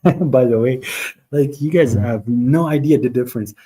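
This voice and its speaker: With a mellow, husky voice at medium pitch and normal speed, a man hosts a live religious talk online. He argues with the chat, mocks viewers, speaks directly to them, and breaks into quoted Arabic verses.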